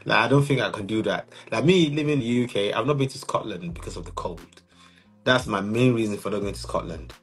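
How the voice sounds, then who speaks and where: A man's voice: fairly low pitch, fairly quick, breathy edge, faint music behind. A man hosting a casual interview, easygoing and slangy, repeating himself. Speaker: podcast host.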